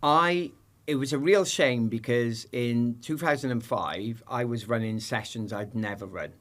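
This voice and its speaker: A man's voice: mid-range voice, a little slow. Middle-aged british guy on a podcast, chatty, acts out everyone in his stories. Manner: lively anecdotal, acts out other people. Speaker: podcast guest. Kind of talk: casual storytelling chat.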